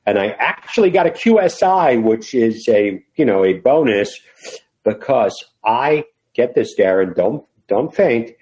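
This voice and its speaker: A man's voice: on the low side, a little mellow, rough recording. A middle-aged man from New York City, a guest telling his career story in a casual interview with wry, self-deprecating humor. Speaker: guest, retired FBI employee.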